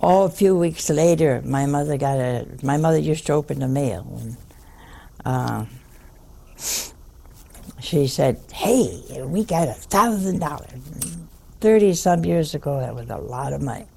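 A woman's voice: rumbling low, lively intonation, moderate pace, vocal fry, long pauses, warm tone. An older woman, a nun, telling a wry anecdote to an audience. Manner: wry, anecdotal, with dry asides. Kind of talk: storytelling talk to an audience.

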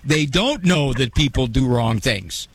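A man hosting a radio call-in show. He gives advice in a quick, joking way and often repeats himself. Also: medium pitch, animated, breathy edge. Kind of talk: casual advice call-in talk.

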